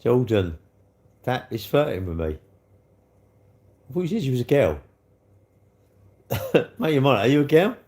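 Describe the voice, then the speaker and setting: A man chatting casually with viewers on a livestream, bantering as he reads comments, his throat a little hoarse. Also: mid-range voice, very animated, a little slow, long pauses, a little mellow. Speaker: livestream host.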